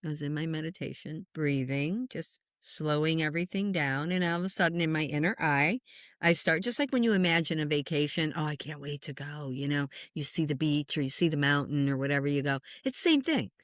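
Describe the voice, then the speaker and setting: A middle-aged woman, a spiritual medium, telling a personal story in conversation with lots of lively swings and chuckles. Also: low-pitched, brisk, no room sound, clean studio sound. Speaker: spiritual medium and meditation teacher.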